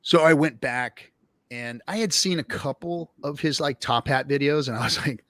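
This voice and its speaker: A man's voice: mid-range voice, normal speed, fairly bright tone, dry recording, studio quality. A man guest telling his story in a casual, rambling and profane way, full of fillers and restarts.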